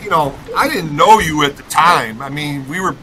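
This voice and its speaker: A middle-aged man from Rockford, Illinois, a podcast guest telling an animated story about his college basketball days, emphatic and fond of tagging his lines with "okay?". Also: on the high side, normal speed, noisy background.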